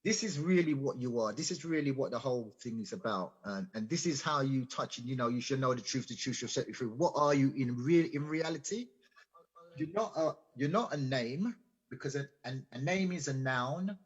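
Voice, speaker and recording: Earnest husky-voiced man lecturing. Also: medium pitch, animated, moderate pace. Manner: earnest and explanatory, often repeats and restarts words. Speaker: invited guest speaker. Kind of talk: lecture-style talk on a radio show. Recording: dull lo-fi audio.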